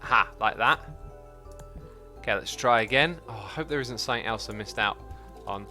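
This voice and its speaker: A man hosts a live gameplay stream in a bright, forward voice. He chats as he plays, thinking aloud and perking up at chat messages. Faint music runs underneath. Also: mid-range voice, moderate pace. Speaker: livestream host.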